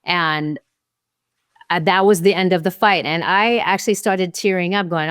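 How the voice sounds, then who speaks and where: A woman in her sixties, a podcast guest, telling a story and acting out her own past thoughts with lively energy. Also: on the low side, moderate pace, smooth, dry recording, studio quality. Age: 60s. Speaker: podcast guest, martial arts champion. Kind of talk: storytelling in an interview.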